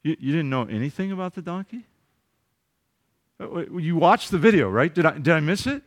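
A man with a high voice preaches a sermon to his congregation. He builds emphasis earnestly and asks his listeners rhetorical questions. When he speaks off the cuff, he repeats words. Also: animated, a little fast. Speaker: pastor.

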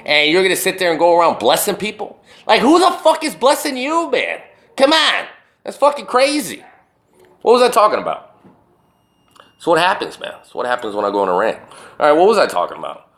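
A man ranting alone in a profane, animated way, firing off rhetorical questions as a show host. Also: high-pitched, a little fast. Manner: burping. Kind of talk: profane solo rant.

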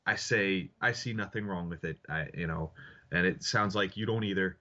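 A man's voice: low-pitched, moderate pace, pushed and bright, dull audio, slight background noise. A man co-hosting a casual sports podcast, talking in an opinionated way with lots of fillers. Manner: opinionated, hedging with frequent fillers. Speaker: podcast co-host.

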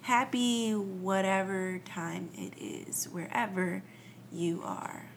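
A woman co-hosting a podcast in casual chat, playful and quick to laugh. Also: mid-range voice, vocal fry, slight background noise. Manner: playful, laughs often, sings snippets. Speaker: podcast co-host.

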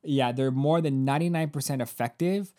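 Speaking a little fast in a mid-range voice, this thirtysomething man co-hosts a podcast, cursing frequently as he rants with emphasis through casual conversation.

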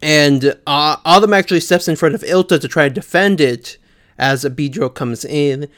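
Smooth-voiced man co-hosting a podcast. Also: a little high, normal speed, a bit bright. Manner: chatty, laughs often, many fillers. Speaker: podcast co-host. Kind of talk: casual chat.

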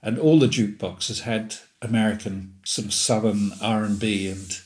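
A man's voice: fairly low pitch, steady tone, normal speed. An older English man in his seventies, a guest telling stories in a rambling, amused way and laughing often. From England. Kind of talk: casual chat.

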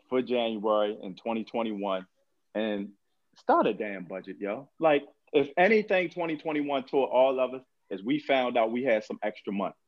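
A man's voice: medium pitch, lo-fi sound. A man who works as a financial advisor, talking casually on a podcast in a blunt, joking way, full of slang. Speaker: financial advisor, show regular.

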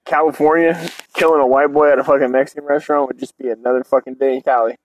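A man's voice: medium pitch, level tone, fast, dry recording, low-quality recording. A man hosting a show, delivering a crude, rambling comedic rant full of swearing. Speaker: show host.

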